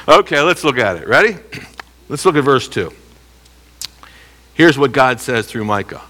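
A man teaching a Bible lesson verse by verse in a lively way, often checking that listeners are following. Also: medium pitch, takes it slowly, pauses often. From United States. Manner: animated, keeps checking listeners with rhetorical questions.

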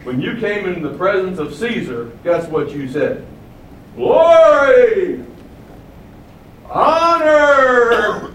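A man preaching a sermon, asking rhetorical questions and booming out quoted acclamations. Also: animated, moderate pace, hardly any pauses, roomy sound, distant mic, a little hiss or hum, low-quality recording.

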